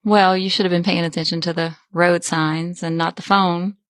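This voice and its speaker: Matter-of-fact middle-aged mom. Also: female voice, lowish voice, flat delivery, normal speed, fairly bright tone, no room sound. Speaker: podcast co-host, mother. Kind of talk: casual podcast chat.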